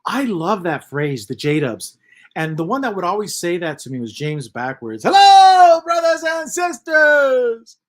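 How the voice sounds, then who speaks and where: A man's voice: on the high side, sing-song, normal speed. Rambling man hosting a livestream. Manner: rambling, repeats himself, drops to mutters. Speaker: livestream host reading chat comments. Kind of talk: casual livestream chat.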